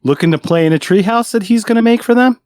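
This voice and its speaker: A man co-hosting a podcast, trading jokes in animated banter. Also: high-pitched, fast talker, no room sound. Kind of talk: casual chat.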